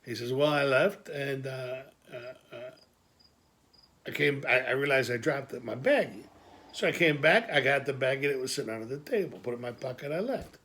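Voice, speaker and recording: A man performing an improvised comic monologue as a swearing, streetwise family man, telling his story with quick asides. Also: medium pitch, lively intonation, bright, forceful tone. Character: Pork Chop, a gruff middle-aged family man. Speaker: comedian doing an improvised monologue.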